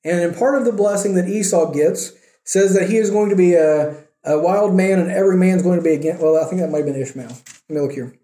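This man's Bible teaching comes at a fairly quick clip, though his manner stays relaxed, with dry wit and quoted voices as he retells the story. He has a high, mellow voice, and a clear echo fills the room around him.

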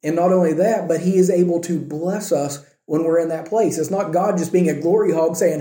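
A man preaches a sermon to his congregation with a relaxed, chatty delivery, checking in with them through little rhetorical questions. His voice sits slightly high but sounds warm and mellow. The room around him rings with echo. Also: moderate pace, hardly any pauses. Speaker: pastor. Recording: roomy echo.

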